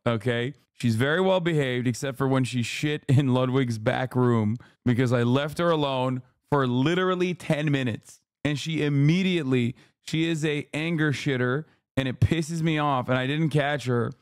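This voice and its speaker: A man's voice: medium pitch, normal speed, hardly any pauses, smooth, dry recording. Joking man with a clean, dry voice. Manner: loud, joking, profane, laughs often. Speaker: streamer reacting to videos. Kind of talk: casual reaction commentary.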